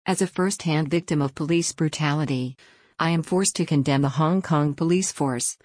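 A woman narrating a scripted news report in an even, formal read-out manner. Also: sits low, moderate pace, dry recording, studio quality.

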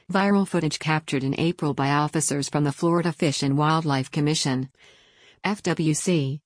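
Low-voiced woman reading news. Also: darkish tone, no echo, studio quality. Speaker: news reader. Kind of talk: read-aloud news article.

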